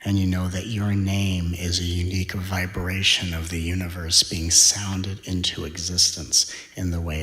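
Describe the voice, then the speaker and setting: A man giving a spiritual talk, speaking in slow, deliberate phrases and dropping to a hushed whisper for emphasis. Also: sits low, flat delivery, echoey room. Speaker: spiritual teacher.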